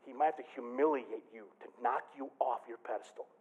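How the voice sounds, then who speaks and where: A man preaching a sermon as pastor, telling a story with big swings from quiet to loud. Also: mid-range voice, a little fast, highs cut off, noisy background. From Michigan.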